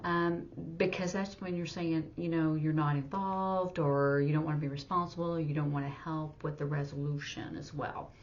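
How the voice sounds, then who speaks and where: A woman with a low-pitched voice gives a casual sign language lesson, pausing often to think aloud. The recording is dull and lo-fi, with a faint noise underneath. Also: fairly even intonation. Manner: halting, thinking aloud, with many fillers. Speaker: sign language teacher and interpreter.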